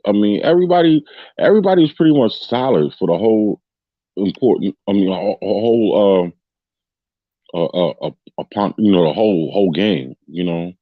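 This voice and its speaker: A man's voice: fairly low pitch, moderate pace, dry recording, narrow, tinny audio. A man hosting a casual fan podcast, talking in a loose, rambling way with constant restarts and tag questions. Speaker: podcast host.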